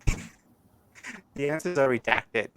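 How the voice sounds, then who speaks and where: A man's voice: medium pitch, unhurried, noisy background. A man from Colorado hosting a casual live-streamed chat show, upbeat and chatty, laughing often. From Colorado, United States. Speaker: host.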